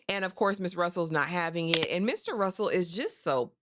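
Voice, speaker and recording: A woman's voice: on the low side, expressive, a little fast, a bit bright, no echo, clean studio sound. A woman giving a casual recap of a TV episode, chatty and sassy, with asides like "honey" and "girl". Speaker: TV recap host.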